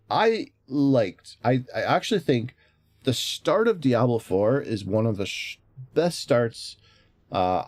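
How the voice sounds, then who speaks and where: A man's voice: mid-range voice, a little mellow, no echo. A man streaming in casual chat, rambling along with frequent fillers and restarts.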